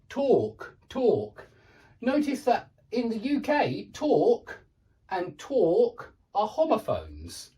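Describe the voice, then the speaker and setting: A man with a British accent giving a casual pronunciation lesson, chatting and repeating words slowly to model the sounds. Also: high-pitched, darkish tone, poor audio. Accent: British English. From United Kingdom. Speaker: English teacher.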